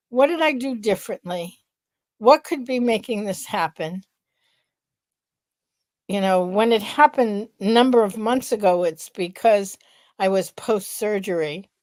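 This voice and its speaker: A woman co-hosting a podcast, speaking slowly and thinking aloud in a casual chat. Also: medium pitch, darkish tone, no echo. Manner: slow, reflective, thinks aloud. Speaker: podcast co-host.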